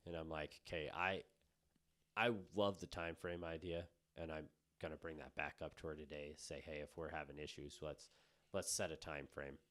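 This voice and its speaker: A man in his thirties co-hosting a podcast, talking in a blunt, profane way, dropping to low asides and jumping to loud outbursts. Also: flat delivery, normal speed. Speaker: podcast co-host. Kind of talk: casual podcast chat.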